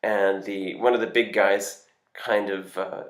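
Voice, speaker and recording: Male storyteller, lowish voice, easy conversational delivery, roomy echoey recording. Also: a little slow. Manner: relaxed, conversational, with small hesitations. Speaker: singer and actor telling an anecdote. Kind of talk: casual first-person storytelling. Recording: roomy echo.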